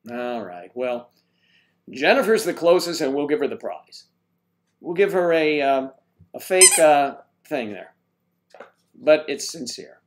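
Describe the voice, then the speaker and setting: A man's voice: a little high, lively intonation, measured pace, pauses often, a little hiss or hum. An older man hosting a casual livestream chat, reading viewer comments aloud in a jokey, teasing way. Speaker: livestream host.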